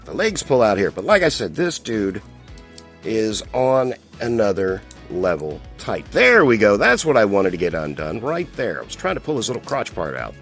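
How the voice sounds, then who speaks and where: A man's voice: fairly low pitch, huge pitch swings, normal speed, fairly bright tone, faint music behind. A man casually reviewing a collectible toy, chatty and rambling, with a chuckle now and then. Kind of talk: casual toy review while handling a figure.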